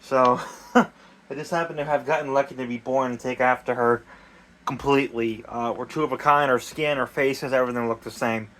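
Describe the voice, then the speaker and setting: A man's voice: medium pitch, steady tone, normal speed, fairly bright tone, a little hiss or hum. A young man rambling casually and crudely in a vlog, swearing often, talking outdoors in the cold. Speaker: DIY vlogger.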